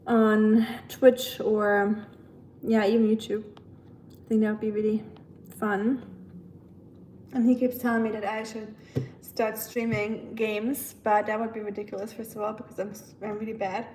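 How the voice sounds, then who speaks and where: A woman's voice: on the high side, a little mellow, reverberant, a little hiss or hum, low-quality recording. A young woman from southern Germany with a German accent, chatting casually with her live stream audience, laughing often and reacting to chat messages. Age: young adult.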